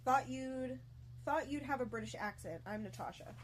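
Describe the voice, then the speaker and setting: A woman's voice: sits high, normal speed, a little hiss or hum, lightly acted, poor audio. A woman reading as a dry, teasing redhead.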